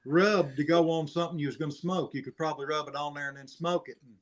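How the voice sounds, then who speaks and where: A man rambles folksily through casual chat. His voice sits a bit high, and his tone stays relaxed and plainspoken. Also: quick pace.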